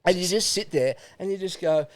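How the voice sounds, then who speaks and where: A man's voice: high-pitched, a little fast. Blunt, swearing Australian man. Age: middle-aged. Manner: blunt, animated, swears freely. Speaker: podcast guest. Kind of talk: casual chat.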